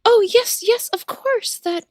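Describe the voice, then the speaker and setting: A woman voicing a polite young adventurer, speaking high and eager. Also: takes it slowly, no room sound. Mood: sweet. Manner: high bright eager speech.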